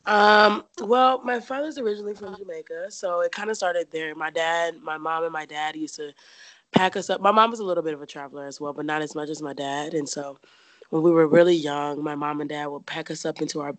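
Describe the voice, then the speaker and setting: A woman's voice: deep voice, brisk, dry recording. A young woman from the United States casually telling a personal story as an interview guest, chatty, with many fillers and frequent laughs.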